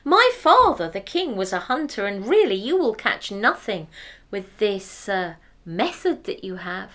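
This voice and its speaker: Woman doing a friendly young prince, earnest, bright tone. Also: mid-range voice, very animated, a little slow. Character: confident young male prince, friendly and knowing.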